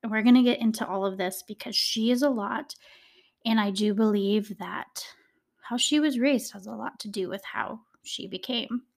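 An adult woman who is a parent hosts a true crime podcast, recounting the case in a chatty, conversational way with dramatic emphasis. Her voice is medium-pitched and creaky, at a moderate pace.

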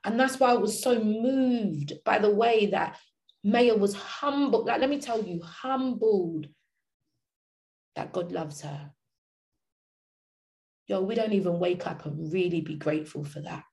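A woman's voice: medium pitch, measured pace, long pauses, a little mellow. A woman giving an inspirational talk, passionate and slangy, driving her points home with repetition. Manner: passionate, slangy, repeats phrases for emphasis.

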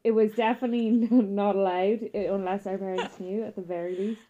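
A young Irish woman in her twenties, a guest telling stories in casual chat, lively and laughing, with plenty of fillers. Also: medium pitch, brisk, slight background noise. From Ireland. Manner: animated storyteller, frequent laughter and fillers. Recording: muffled, dull audio.

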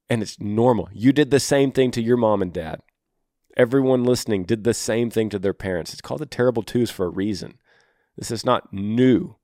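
A man with a low voice hosts an advice podcast, speaking earnestly and encouragingly to a listener. He repeats his key points for emphasis. The sound is dry and close, recorded at a studio microphone. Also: a little mellow, no room sound. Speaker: podcast host.

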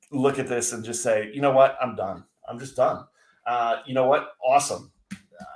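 A man in the middle of a heated political rant, swearing as he goes and tripping over his own restarts. His voice sits at an ordinary pitch and carries a roomy, echoey ring from the space around him. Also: a bit bright. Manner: ranting, swearing, frequent restarts. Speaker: podcast co-host. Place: indoors, seated at a desk.

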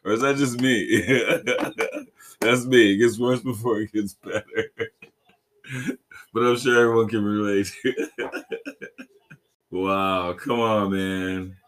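A man's voice: fairly low pitch, steady tone, slow, long pauses, a bit bright, slight background noise. A man recording himself watching a football game, venting with frequent swearing and laughter. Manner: profane, exasperated, laughs often. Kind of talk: casual live-watching banter.

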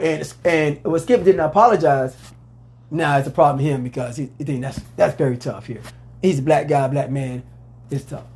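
A man hosting a casual sports talk show, talking in a loose, rambling way and letting out loud whoops. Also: on the high side.

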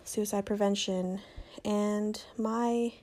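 A woman's voice: medium pitch, fairly even intonation, slow, warm tone. A young woman hosting a solo podcast, talking casually, joking and correcting herself as she goes. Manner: chatty, self-correcting, joking. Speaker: podcast host.

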